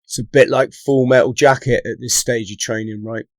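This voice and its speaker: A man's voice: mid-range voice, steady tone, moderate pace, dry recording. A man from England, born in London and raised in the Southwest, a former commando telling stories to camera in a chatty way, often checking in with "right?". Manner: chatty, keeps adding "right?" tag questions. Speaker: former Royal Marines commando, channel host. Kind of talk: casual storytelling to camera.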